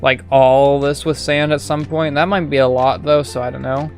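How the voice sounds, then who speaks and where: A man's voice: medium pitch, steady tone, normal speed, a little mellow, soft background music. A young man giving casual, rambling commentary on his gameplay, joking and chatting with his viewers. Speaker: gaming streamer.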